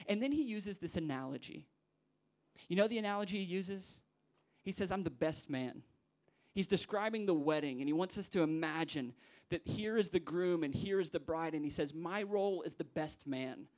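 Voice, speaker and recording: A young man, a pastor preaching a sermon to church leaders, acting out quoted voices with big jumps in pitch. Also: lively intonation, a little fast, a little mellow. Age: young adult.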